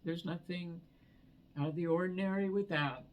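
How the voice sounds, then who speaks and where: A woman talking in a personal vlog, soft and halting, repeating words, emotional and near tears. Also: lowish voice. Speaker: vlogger.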